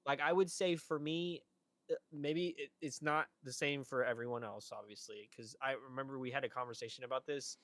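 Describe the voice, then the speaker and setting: A man's voice: medium pitch, steady tone, brisk, fairly bright tone, dry recording. Laid-back man, dry close sound. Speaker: podcast co-host. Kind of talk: casual podcast chat.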